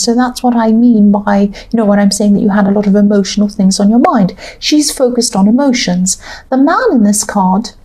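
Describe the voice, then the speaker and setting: Woman, tarot reader, fairly high voice, warm and mellow tone, casual, meandering, lots of ums. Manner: rambling, hesitant with many fillers, thinking aloud. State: has the hiccups. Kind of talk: casual tarot reading to camera.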